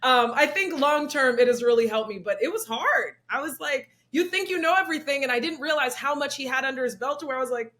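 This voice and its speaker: Bright, high-voiced, animated woman. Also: fairly quick, hardly any pauses. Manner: animated, laughs often, acts out quoted voices. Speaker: actress and comedian guest. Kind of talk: candid interview talk.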